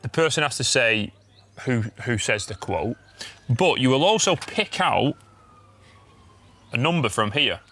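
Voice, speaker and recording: A man hosting a casual pub chat about films outdoors, eager and quick to laugh as he runs a quiz game. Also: mid-range voice, animated, sharp tone. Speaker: podcast host running a quiz game. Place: outdoor pub beer garden.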